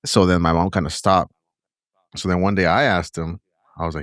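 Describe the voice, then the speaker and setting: Chill podcast dude with a really deep voice, dry mic, says bro a lot. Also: male voice, fairly quick, no echo. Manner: relaxed, laid-back storyteller, says bro. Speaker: podcast co-host. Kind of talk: casual storytelling chat.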